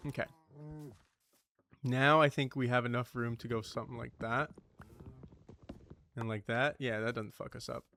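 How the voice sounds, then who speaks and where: A man's voice: medium pitch, steady tone, moderate pace, gravelly, long pauses, pushed and bright, slight background noise. A man giving casual let's-play commentary, chatty and swearing, talking to the items he sorts. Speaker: gaming streamer.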